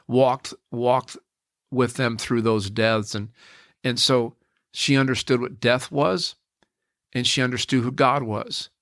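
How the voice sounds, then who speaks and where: Gravelly-voiced man telling a personal story. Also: medium pitch, a bit bright, no echo, clean studio sound. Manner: earnest and reflective, with frequent restarts. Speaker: podcast guest.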